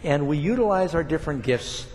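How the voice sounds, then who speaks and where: A man's voice: on the high side, lively intonation, fairly quick, darkish tone, big-room sound, a little hiss or hum. An older man preaching a sermon, talking casually to the congregation and building up emphatic points. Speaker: pastor.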